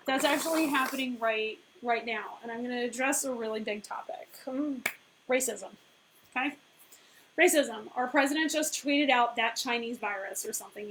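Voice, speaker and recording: A woman in her thirties with a high voice gives a casual coaching talk. She speaks conversationally, leans on fillers and keeps checking in with "right?" and "all right?". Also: noisy background. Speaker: business owner and life coach.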